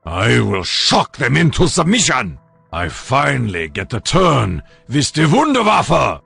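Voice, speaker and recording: An actor playing a solemn, honor-bound warrior in a video game, with a raspy, gravelly voice, making grave, formal declarations. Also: male voice, medium pitch, huge pitch swings, measured pace, a bit bright, faint music behind, full character voice.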